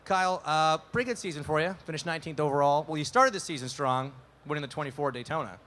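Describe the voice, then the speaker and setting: A man's voice: fairly high pitch, quick pace, pushed and bright, slight background noise. A man hosting a live radio show in front of an audience, joking and self-deprecating as he works the crowd. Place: live event floor with an audience.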